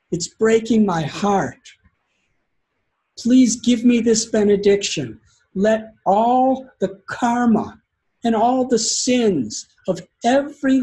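A man voicing a pleading devotee, slow and heartfelt. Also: fairly high pitch, a little mellow, poor audio. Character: grieving devotee man begging to bear all sins.

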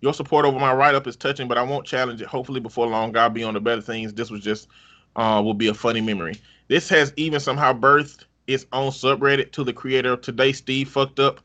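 A man's voice: medium pitch, fairly even intonation, fast talker, sharp tone. A man hosting a podcast, casually reading online stories aloud with wry laughs and swearing.

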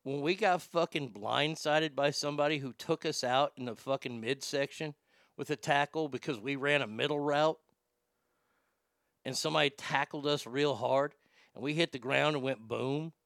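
A man around forty, a podcast host, telling blunt, profane stories in a casual and animated way. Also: medium pitch, a little slow, no room sound, studio quality. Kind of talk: casual storytelling chat.

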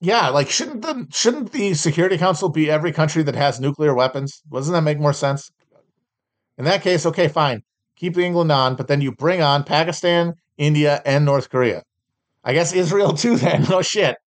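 A man's voice: on the high side, normal speed. A man hosting a solo podcast, reading out trading cards and mocking them with sardonic, profane, rambling asides. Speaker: podcast host.

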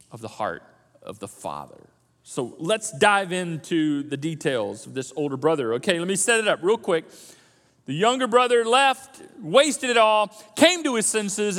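A male pastor with a high voice that swoops widely preaches in an animated, conversational way. His voice carries through a large hall with a long echo. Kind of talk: sermon. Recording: long church hall reverb.

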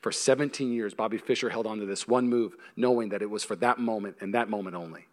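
A male pastor preaching a sermon to a congregation, emphatic and animated, swinging between loud punchy lines and hushed ones, with humorous storytelling. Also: fairly low pitch, fast talker. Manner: humorous storytelling with acted-out asides. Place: church service before a congregation.

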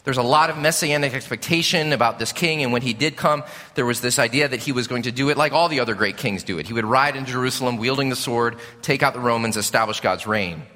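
A male preacher giving a sermon, telling the story with animated storytelling that swells and drops. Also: mid-range voice, fast talker. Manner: animated storytelling, rising and falling. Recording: long reverb of a large hall.

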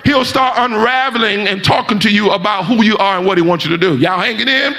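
A male pastor preaching a sermon with impassioned delivery that builds to shouting. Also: high voice, fairly quick.

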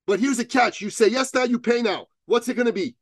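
A man telling a story as a podcast guest, acting out both sides of the dialogue with rising, loud peaks. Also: very high voice, brisk, no room sound, studio quality. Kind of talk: animated storytelling in an interview.

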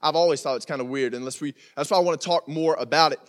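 A man's voice: on the high side, fast. A young man preaching a casual youth sermon, joking and talking straight to the crowd in a church room. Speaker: youth pastor.

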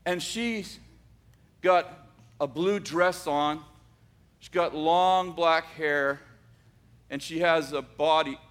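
A man telling a story aloud, unhurried, with dramatic pauses and frequent restarts. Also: fairly high pitch, a bit bright. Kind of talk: oral storytelling.

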